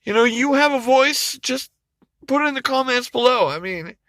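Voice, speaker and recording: A man's voice: extremely high pitch, steady tone, normal speed, a bit bright, no room sound. A man vlogging, retelling a comic story in a rambling, emotional way, with frequent swearing and laughter. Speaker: YouTuber.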